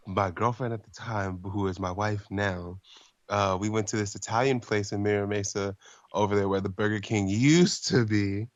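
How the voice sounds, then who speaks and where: A young man on a podcast, telling a story in a lively casual way, swearing freely. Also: lowish voice, unhurried, no room sound. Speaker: podcast co-host.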